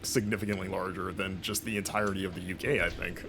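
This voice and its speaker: A man's voice: deep voice, steady tone, fast talker, vocal fry, noisy background. A young man from the United States, a streamer and games critic, chatting casually over gameplay and laughing easily. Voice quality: chatty, laughs easily, jumps into playful mock voices.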